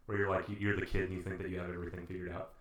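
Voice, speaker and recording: A man's voice: low voice, flat delivery, racing, fairly bright tone, reverberant. A man hosting a podcast, chatting casually about a movie in a rambling, joking way. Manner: rambling, jokey, slips into put-on voices. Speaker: podcast host. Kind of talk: casual movie-review chat.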